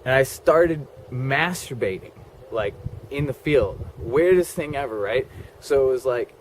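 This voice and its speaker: A man's voice: medium pitch, animated, a little slow, slight background noise. A man telling a personal story in a rambling way, full of "like" and "okay?" asides. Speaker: vlogger.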